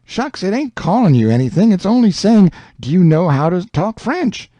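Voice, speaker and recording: A man voicing a clever young boy in an audiobook, his voice pitched high above a grown man's. He argues eagerly and patiently, and his sounds clear in a dry, close recording. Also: sing-song, normal speed, mellow, no echo, highs cut off. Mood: persuading. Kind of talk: audiobook character reading.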